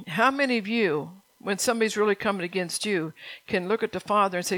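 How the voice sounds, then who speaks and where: A woman's voice: mid-range voice, moderate pace, a bit bright, dry recording, rough recording. A woman preaching a sermon in a folksy, earnest way, often laughing between points.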